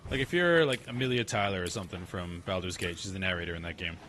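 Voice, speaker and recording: A man's voice: low-pitched, fast, bright, forceful tone. A man casually chatting and muttering to himself while streaming a game. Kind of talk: casual gameplay commentary.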